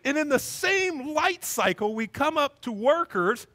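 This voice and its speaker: A male pastor delivers a lively sermon with a high, bright voice that swoops up and down as he acts out small scenes. The sound is close and dry, with little room echo. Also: measured pace. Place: church.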